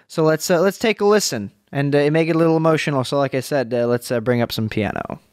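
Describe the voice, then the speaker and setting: A man commenting on a TV clip at home, sarcastic and profane, jumping into high mocking voices. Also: quick pace, darkish tone, no echo, clean studio sound. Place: home room. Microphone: home mic being tested.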